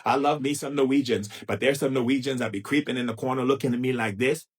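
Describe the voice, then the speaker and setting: A man giving a live spiritual talk, playful and theatrical, with sudden jumps in pitch and drawn-out chanted phrases. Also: slightly rough. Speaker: spiritual teacher.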